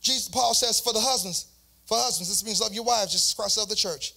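A man's voice: high-pitched, a little fast, vocal fry, sharp tone. A man preaching a sermon as pastor, in a sing-song cadence with repeated phrases.

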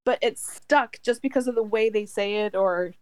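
A middle-aged woman co-hosts a podcast in a casual chat, laughing often and trailing off into restarts. Her voice is fairly high, at normal speed, with no echo.

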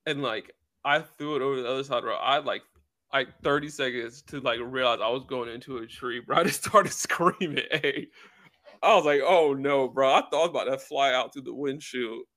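A man's voice: mid-range voice, a little fast, pushed and bright. A young man co-hosting a casual podcast, telling rambling stories full of fillers. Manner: rambling, filler-heavy storytelling. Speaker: podcast co-host.

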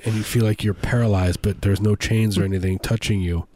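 A man's voice: fairly low pitch, steady tone, a little fast, dark tone. A man co-hosting a podcast, rambling through comic riffs with lots of fillers. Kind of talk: casual comedic banter.

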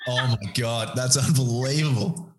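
A woman host with an unusually low voice drops in short, encouraging reactions. A clear hiss of noise runs under her noisy line. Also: moderate pace, echoey room. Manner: brief encouraging interjections. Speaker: podcast host. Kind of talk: interview backchannel.

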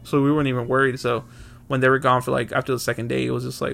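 Gravelly-voiced young man telling rambling stories. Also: mid-range voice, level tone, rapid-fire, a bit bright. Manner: rambling, loose and profane, many fillers and self-corrections. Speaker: podcast host. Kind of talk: casual solo storytelling.

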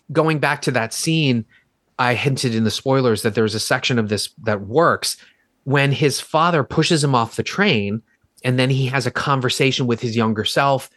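A man's voice: medium pitch, fairly bright tone, no echo, clean studio sound. A man co-hosting a podcast, retelling movie scenes in a rambling, exasperated way. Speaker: podcast co-host. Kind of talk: casual movie review chat.

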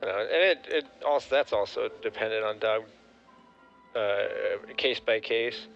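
A man's voice: fairly low pitch, normal speed, a bit bright, lo-fi sound, faint music behind. A man in casual chat, laid-back and laughing along.

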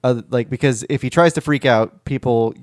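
A man's voice: mid-range voice, moderate pace, darkish tone, no room sound. A man with an ordinary mid-range voice talks in long, rambling explanations full of fillers. He co-hosts a casual chat and speaks from his work in mental health. The recording is dry and close. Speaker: podcast co-host, mental health professional.

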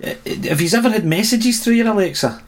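A Scottish man co-hosting a relaxed podcast, his voice sitting a touch high. He tells stories with lively, animated energy and laughs easily, keeping the conversation loose and casual. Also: soft background music. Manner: animated storyteller, quick to laugh. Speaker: podcast co-host. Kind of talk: casual chat.

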